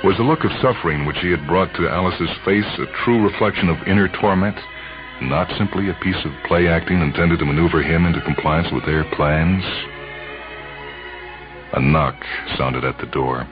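A man narrating a dramatic story in a measured, brooding way, heard on an old, dull radio recording. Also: sits low, over music.

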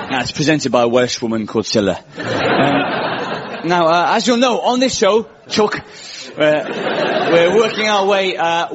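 A man's voice: fairly high pitch, noisy background. A man hosting a comedy show, rambling and self-deprecating and laughing between his lines in front of a live audience. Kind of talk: stand-up monologue for a live radio audience. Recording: dull radio recording with loud audience.

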